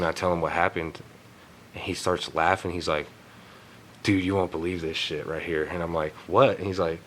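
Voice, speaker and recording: Low-voiced man telling a rambling story. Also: fairly bright tone, a little hiss or hum, rough recording. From Texas. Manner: profane, rambling, lots of fillers. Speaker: guest tattoo artist. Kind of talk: casual storytelling.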